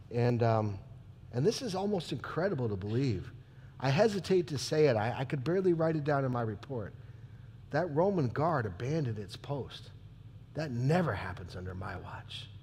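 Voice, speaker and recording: A man playing a troubled, proud Roman governor in a dramatic church monologue, emphatic and swinging between loud declarations and hushed asides. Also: mid-range voice, breathy edge, long reverb tail. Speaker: character monologue performer.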